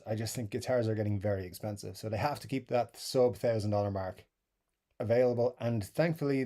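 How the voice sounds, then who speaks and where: Laid-back Irish man, mellow voice. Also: mid-range voice. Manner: easygoing, chuckling, self-deprecating asides. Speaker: YouTube live stream host. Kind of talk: casual live stream chat, reading viewer comments.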